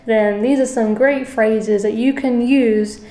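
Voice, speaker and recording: A woman explains phrases in English for a casual language lesson, her tone chatty and friendly. Her voice is mellow and slightly high, recorded in an echoey room. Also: fairly even intonation, slow pace. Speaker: co-host.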